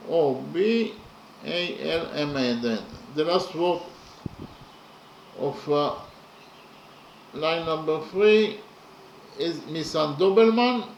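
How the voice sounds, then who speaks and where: A man explaining verse slowly and methodically, counting syllables and letters aloud with many pauses. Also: fairly high pitch, echoey room, a little hiss or hum, low-quality recording. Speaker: poetry lecturer. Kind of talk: methodical spoken analysis of verse.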